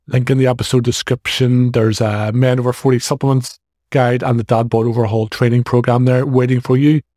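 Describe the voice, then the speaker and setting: A man's voice: medium pitch, little pitch movement, fairly quick, warm tone, no room sound, clean studio sound. A man in his forties with a Northern Irish accent, hosting a solo fitness podcast in a casual, direct way with jokey asides. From Northern Ireland. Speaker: podcast host and fitness coach.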